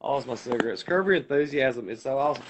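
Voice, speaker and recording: A man's voice: mid-range voice, expressive, quick pace, slight background noise. A man with a Birmingham, Alabama accent, rambling and laughing in a casual podcast chat as co-host. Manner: rambling, laughing, retelling comedy bits. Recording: dull lo-fi sound.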